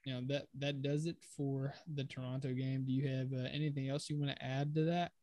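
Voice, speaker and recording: A man co-hosting a casual sports podcast, leading the talk in a relaxed conversational way and reciting game stats. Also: mid-range voice, a little fast, dry recording. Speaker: podcast co-host.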